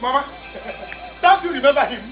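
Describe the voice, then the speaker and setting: A woman's voice: high-pitched, expressive, normal speed, soft background music. Woman playing a brash, boastful Nigerian bully. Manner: loud, boastful, repetitive. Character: brash scheming woman bullying her family. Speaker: actor. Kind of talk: Nollywood film acting.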